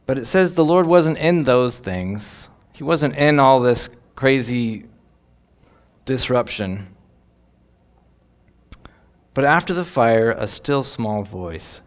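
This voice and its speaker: A man's voice: medium pitch, lively intonation, slow, long pauses. A man giving devotional Bible teaching in an earnest, reflective way, lingering on key phrases.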